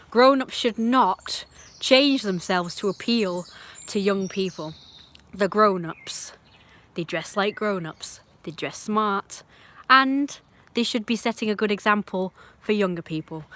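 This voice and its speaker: A woman's voice: mid-range voice, a bit bright. A woman from northern England with a northern English accent, giving an opinionated, emphatic monologue on a livestream. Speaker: livestream host.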